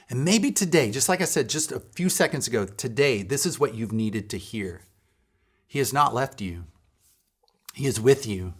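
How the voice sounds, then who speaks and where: A man preaching a sermon as a pastor at a church, earnest and fond of repeating key phrases for emphasis. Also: on the low side.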